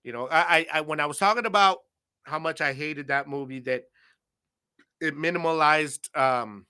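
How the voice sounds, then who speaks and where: A man's voice: fairly high pitch, normal speed, pushed and bright, clean tone. A man hosting a football podcast alone, talking casually and laid-back, full of slang and fillers like "man" and "you know". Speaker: podcast host. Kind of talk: casual solo podcast talk.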